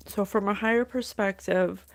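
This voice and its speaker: Psychic host, woman. Slow and halting, relays messages from spirit, vocal fry, dry close sound. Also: mid-range voice, no echo. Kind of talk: thinking-aloud channeled reading.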